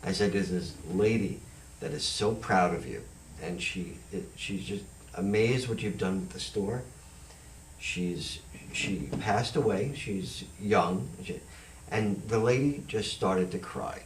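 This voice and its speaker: A man's voice: sits low, slow. A man, a psychic hosting a talk show, telling stories casually and acting out the voices in them. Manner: animated, acts out the voices in his stories. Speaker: host and psychic medium. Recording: echoey room, far from the mic, faint noise.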